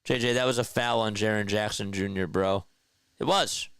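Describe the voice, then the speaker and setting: Frustrated fan calling play-by-play. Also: male voice, lowish voice, fairly even intonation, moderate pace, fairly bright tone, clear, resonant tone, dry recording. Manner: frustrated, exasperated partisan fan. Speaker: amateur play-by-play caller. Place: home room.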